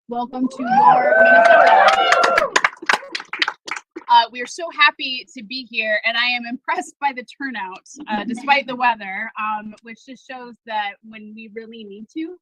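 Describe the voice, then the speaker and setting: A woman with a bright, fairly high voice delivers a prepared rally speech with assurance and conviction. The sound is close and dry. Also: no room sound, poor audio. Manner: warm, assured and rousing, with faith references. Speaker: speaker at a political rally.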